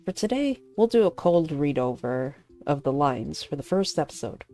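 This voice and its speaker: A woman voicing a businesslike male director in a visual novel, speaking briskly. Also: low voice, big pitch swings, warm tone.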